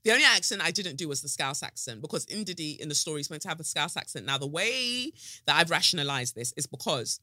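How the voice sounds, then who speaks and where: A woman's voice: sits low, lively intonation, quick pace, sharp tone, no room sound, clean studio sound. A woman hosting a podcast in a casual, playful monologue, swearing freely. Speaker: podcast host.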